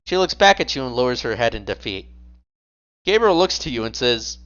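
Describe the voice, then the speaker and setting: A man narrating a tabletop role-play as game master, addressing the player in the second person. His pitch rises and falls freely as he narrates. The recording sounds dull and lo-fi. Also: expressive, moderate pace, fairly bright tone.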